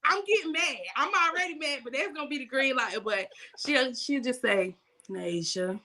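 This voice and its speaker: A young adult woman guest telling faith stories in a casual, animated way, laughing often and speaking in vernacular. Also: high voice, fairly quick. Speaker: guest, business owner.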